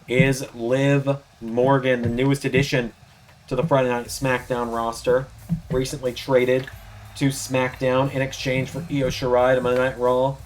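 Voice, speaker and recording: Guy with a sore throat doing wrestling play-by-play, announcer style, mid pitch. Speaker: commentator, channel host. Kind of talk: play-by-play video game wrestling commentary.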